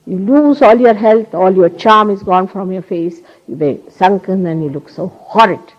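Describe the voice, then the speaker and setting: A woman's voice: medium pitch, normal speed, hardly any pauses, muffled recording. A woman from India giving a public spiritual talk as a teacher, earnest and emphatic, repeating key phrases. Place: lecture hall.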